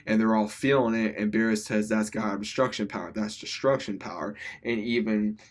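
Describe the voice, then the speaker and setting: A man's voice: on the low side, fairly even intonation, a little fast. A young man casually retelling an episode as its reviewer, enthusiastic, rambling, with many restarts and constant "he says". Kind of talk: casual recap.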